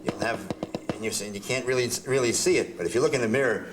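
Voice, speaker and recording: A man's voice: mid-range voice, very noisy. Older man teaching drum strokes. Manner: chatty, halting, restarts while demonstrating. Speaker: drum instructor. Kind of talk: demonstrating drum technique. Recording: drums heard in the room. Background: drum strokes between phrases.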